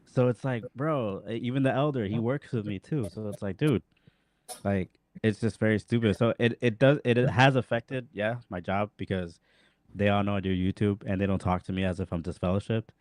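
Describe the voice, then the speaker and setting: A man, a former Jehovah's Witness, telling animated stories on a casual online panel, saying "bro" and "like" a lot. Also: lowish voice, a little fast, no echo.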